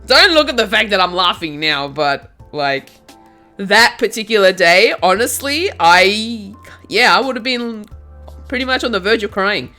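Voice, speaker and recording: Giggly woman streamer, lively and slow. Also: mid-range voice. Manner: giggly, reads chat names aloud. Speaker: craft streamer. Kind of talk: casual chat while knitting. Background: soft music.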